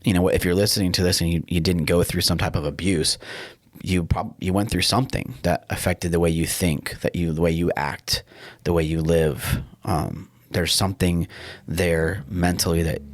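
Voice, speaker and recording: A man hosting a podcast, talking casually in a relaxed, rambling way. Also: low-pitched, normal speed, no room sound, clean studio sound. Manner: relaxed, rambling, many restarts. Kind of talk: casual conversational podcast talk.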